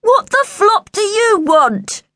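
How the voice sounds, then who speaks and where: A woman's voice: extremely high pitch, sing-song, slow, bright, forceful tone, no echo, voice pushed up, heavily acted. A woman voicing a rude, cheeky young boy who teases his sister. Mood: teasing. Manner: rude, teasing.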